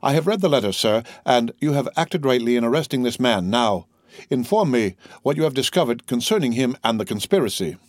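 A man's voice: mid-range voice, expressive, a little fast, no room sound, lightly acted. A man voicing a cold, proud young magistrate who speaks in a stern, formal and disdainful way, in a dry, close recording. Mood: commanding.

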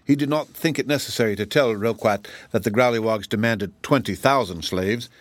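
Man narrating a storybook, steady and dry. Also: on the low side, brisk, dry recording. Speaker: audiobook narrator. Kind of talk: scripted narration.

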